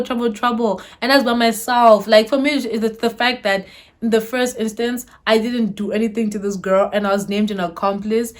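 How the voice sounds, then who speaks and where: A young woman from Zimbabwe tells a storytime to her viewers on her channel. She speaks in an animated, dramatic way, turning straight to her audience as she goes. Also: mid-range voice. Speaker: YouTuber. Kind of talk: storytime vlog.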